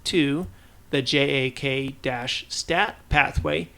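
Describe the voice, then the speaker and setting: A man's voice: medium pitch, takes it slowly, creaky, pushed and bright. A man reading medical research news for a podcast, often stumbling and restarting on technical terms. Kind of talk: reading science news script.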